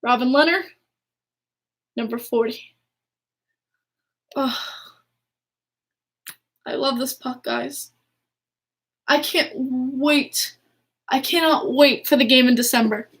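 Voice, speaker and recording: A young woman chatting casually to her viewers, excitable and gushing, often restarting her sentences. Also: high-pitched, takes it slowly, long pauses, slightly rough. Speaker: hockey fan vlogger. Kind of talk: casual chat to camera.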